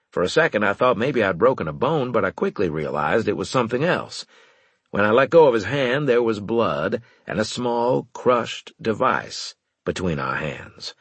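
Husky-voiced man narrating a story. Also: fairly low pitch, dry recording. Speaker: audiobook narrator. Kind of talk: first-person audiobook narration.

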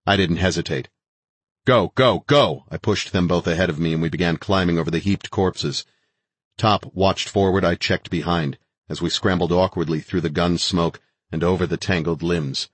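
Male audiobook narrator, deep and husky, terse and driving, first-person thriller. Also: fairly even intonation, moderate pace, no room sound.

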